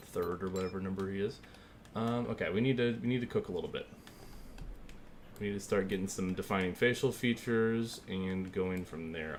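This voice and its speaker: A male streamer chats casually at his desk mic, his voice sitting on the lower side. He rambles and thinks aloud between fillers, calm and easygoing. A faint background hum stays under his voice. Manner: thanks viewers and thinks aloud while working. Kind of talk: casual live-stream chat.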